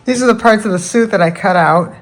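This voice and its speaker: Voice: mid-range voice, fairly quick, rough recording. A vlogger outdoors in a backyard, casually telling a rambling story with asides and restarts. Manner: chatty, digressive, with many restarts and asides. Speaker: backyard bird-watching vlogger. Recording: steady outdoor background noise.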